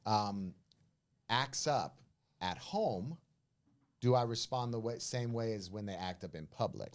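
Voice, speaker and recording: A middle-aged man, a pastor and guest, telling stories in a casual interview, animated and acting out what people said. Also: lowish voice. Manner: animated storyteller, acts out quoted voices, says "man" and "bro".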